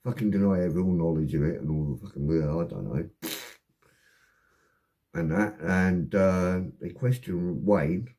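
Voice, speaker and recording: A man telling a rambling, heavily sworn personal anecdote in a casual, animated way. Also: sits low, moderate pace. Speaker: storyteller.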